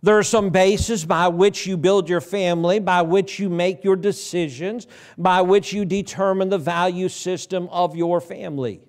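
A middle-aged man delivers a sermon in a church sanctuary, his voice sitting high for a man. He preaches in a folksy, conversational way, tossing rhetorical questions to the congregation and answering them himself. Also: steady tone, moderate pace. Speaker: pastor.

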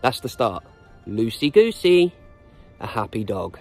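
With soft music playing behind him, this British dog trainer speaks in a mid-range, sing-song voice with a darkish tone and a measured pace. Middle-aged and out on a walk, he vlogs plain-spoken, blunt tips in a lecturing, casual monologue.

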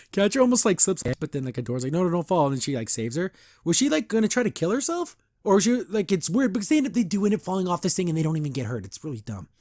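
Male podcast host, higher voice, dry close sound, sarcastic ranting recap. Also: very animated, quick pace, a little mellow, dry recording. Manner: exasperated, sarcastic, laughs often, mimics characters in mocking voices. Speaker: podcast host reviewing a cartoon episode. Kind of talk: casual recap and rant.

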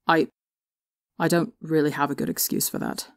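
A woman voicing a weary, remorseful young man who speaks quietly and sheepishly. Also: on the high side, wildly swooping pitch, moderate pace, creaky, no echo, clean studio sound, full character voice. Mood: subdued.

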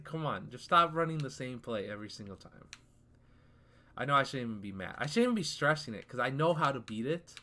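A young man talks through his football video game match in a bright, sharp voice. He grumbles and trash-talks about his opponent's plays, then bursts into sudden loud shouts of frustration. He sits close to a desk mic, with a keyboard within reach. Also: on the high side. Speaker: gaming YouTuber. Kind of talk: live gameplay commentary.

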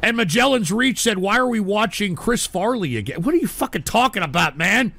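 A man hosting a livestream, short-tempered, swearing and shouting at his viewers. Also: high-pitched, animated, fairly quick. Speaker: livestream host. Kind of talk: ranting livestream talk.

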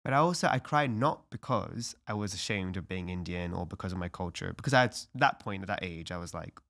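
Earnest young man, low voice. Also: animated, fairly quick, vocal fry, a bit bright. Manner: earnest, reflective, heavy use of "like" fillers. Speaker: podcast guest. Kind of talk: casual podcast conversation.

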